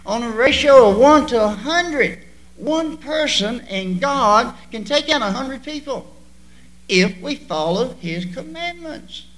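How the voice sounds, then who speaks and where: A man preaching a sermon to his church, with sudden loud bursts and drawn-out emphasis. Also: very high voice, lively intonation, poor audio. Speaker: pastor.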